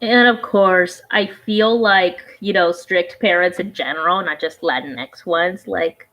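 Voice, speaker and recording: A woman's voice: fairly low pitch, measured pace, a bit bright, lo-fi sound. A woman vlogger giving casual reaction commentary, rambling and conversational, often trailing off and restarting her thoughts.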